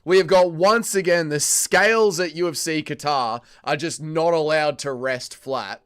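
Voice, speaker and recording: Young man, Australian accent, casual livestream host, energetic slangy chatter, slightly high voice. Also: unhurried, smooth. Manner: energetic and slangy, reads out chat names, calls everyone mate.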